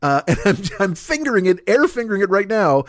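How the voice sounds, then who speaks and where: A man's voice: sits high, sing-song, fairly quick, dry recording, clean studio sound. A middle-aged man hosting a solo comedy podcast, rambling profanely and acting out bits in put-on voices.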